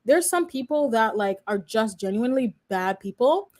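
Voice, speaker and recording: A woman's voice: fairly high pitch, animated, normal speed, darkish tone. Chatty young woman streamer. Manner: chatty, talks straight to her chat. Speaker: law student live streamer. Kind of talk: live reaction stream commentary.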